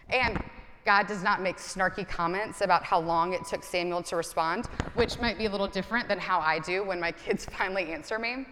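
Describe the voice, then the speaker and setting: A woman's voice: mid-range voice, pushed and bright, big-room sound, a little hiss or hum. A woman pastor in her thirties giving a conversational sermon with self-deprecating humor.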